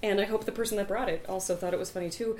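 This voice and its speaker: A woman's voice: mid-range voice, steady tone, rapid-fire, darkish tone, a little hiss or hum. A woman hosting a casual wine-tasting podcast, laughing often and talking with bubbly energy. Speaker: podcast host.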